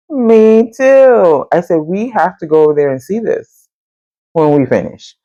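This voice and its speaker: A woman, hosting a podcast and telling a story in casual chat, animated and chatty, often jumping into a high voice to quote people. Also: slow pace, dry recording, muffled recording. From Central Texas. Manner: colloquial and chatty, addresses listeners as y'all. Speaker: podcast host.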